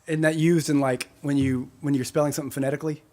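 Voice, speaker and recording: A man's voice: fairly high pitch, fairly even intonation, quick pace, darkish tone. A man in his forties, a musician hosting a live stream, chatting casually and rambling as he reads out viewer comments. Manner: chatty, rambling, self-correcting.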